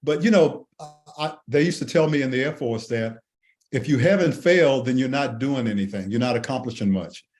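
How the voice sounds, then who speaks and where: A man in his sixties from Washington D.C. tells a childhood story in a podcast interview, animated and full of restarts. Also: medium pitch, fairly quick. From Washington D.C. and Maryland, USA. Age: 60s. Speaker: guest, Air Force veteran.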